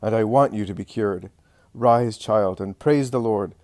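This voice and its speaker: A man reading the lines of a gentle, solemn male healer who speaks softly and tenderly. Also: fairly low pitch, steady tone, normal speed, no echo, clean studio sound, close to an everyday voice. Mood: commanding. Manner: soft and tender, then commanding.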